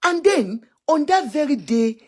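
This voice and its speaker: A woman's voice: high-pitched, very animated, a little slow, a little mellow. A Nigerian woman giving exclamatory, scolding political commentary on a live stream. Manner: scolding, exclamatory, switching languages.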